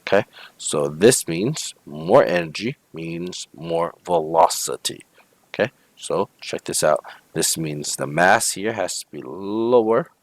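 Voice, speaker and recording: A man's voice: sits low, animated, slow pace, no echo. A male physics teacher talking through homework problems step by step, often checking in with "okay?" and "right?". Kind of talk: homework walkthrough lesson.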